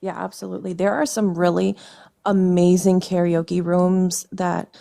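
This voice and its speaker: A woman's voice: lowish voice, level tone, unhurried, vocal fry, warm tone. A woman hosting a podcast, talking in a supportive, emphatic casual chat. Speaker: podcast host.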